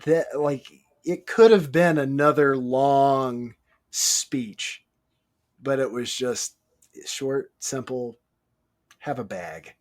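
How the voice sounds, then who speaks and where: Casting: man podcast co-host, mid-pitched, jokey, tends to trip over words. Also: steady tone, takes it slowly. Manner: joking, stumbles over words. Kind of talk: casual chat.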